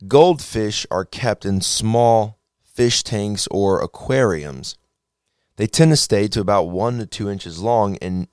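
Deep-voiced young man hosting a faith talk. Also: smooth, no echo, clean studio sound. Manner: relaxed, joking asides, frequent restarts. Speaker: podcast host. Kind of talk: casual faith talk monologue.

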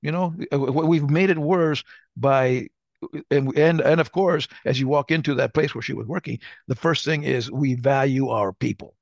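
Casual conversation from a podcast co-host: an older man rambling through stories and frequently restarting his sentences. He speaks at normal speed with a gravelly, medium-pitched voice. The sound is lo-fi but free of echo.

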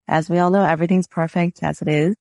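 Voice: mid-range voice, steady tone, quick pace, creaky, a little mellow, no room sound. A podcast host in casual conversation, asking questions and reflecting thoughtfully.

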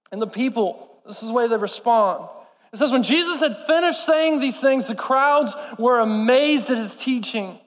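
A man preaching a sermon to a live congregation, impassioned and swinging between urgent and soft. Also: extremely high pitch. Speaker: pastor. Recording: long hall reverb.

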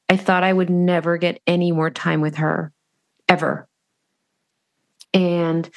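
A woman speaks with a slightly low voice as she shares a personal story on her podcast. She sounds earnest and reflective, and she pauses and restarts often as she gathers her thoughts. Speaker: podcast host.

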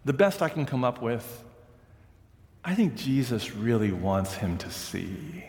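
A man's voice: mid-range voice, sing-song, a little slow, a little mellow. A middle-aged male pastor preaching a sermon in a conversational, storytelling way, often checking in with the congregation. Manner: conversational storytelling, frequent "right?" and asides. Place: large church sanctuary. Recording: long church reverb.

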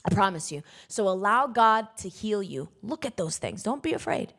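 A woman preacher giving an emphatic sermon, breaking into bursts of loud exhortation. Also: mid-range voice, sing-song, moderate pace.

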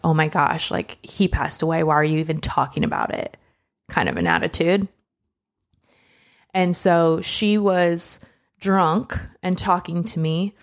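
A woman's voice: fairly low pitch, creaky. A young woman co-hosting a podcast, telling a personal story in a candid, emotional, conversational way. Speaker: podcast co-host. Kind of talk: casual chat.

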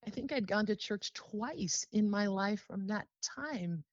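A woman telling her personal story as an interview guest, earnest and heartfelt, emotional and near tears, slowing down on solemn phrases. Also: mid-range voice, lively intonation, no echo, lo-fi sound.

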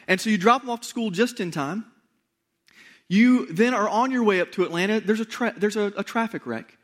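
A man with a notably high voice preaching to his congregation. He talks to them directly and conversationally, repeats key points for emphasis and throws in rhetorical questions. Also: a little fast. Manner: emphatic repetition. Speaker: pastor. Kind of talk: sermon.

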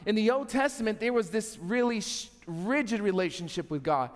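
Young man, pastor, sermon, humorous storytelling, somewhat high voice, long hall reverb. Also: expressive, normal speed. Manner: humorous storytelling, talks to the congregation.

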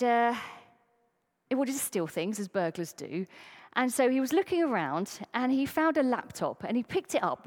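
Woman preacher, higher voice, very lively pitch, chatty sermon, long hall reverb. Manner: conversational, tells jokes.

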